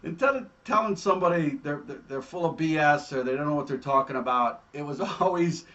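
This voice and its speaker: A man hosting a show, telling stories in a casual, animated way and often adding "all right?". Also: on the high side, a little fast, dull audio. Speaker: host. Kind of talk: casual storytelling.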